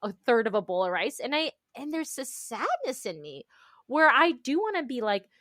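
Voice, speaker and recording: A woman guest talking candidly about motherhood, telling animated stories, acting out her own inner voice and laughing often. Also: high voice, moderate pace, no echo, clean studio sound. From United States. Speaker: guest author. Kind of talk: candid conversational interview.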